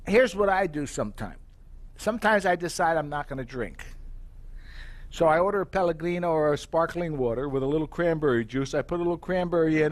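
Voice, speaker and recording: A middle-aged man giving a live sales presentation as company president, telling stories and asking the audience questions. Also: a little high. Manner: animated storyteller, asks the audience questions.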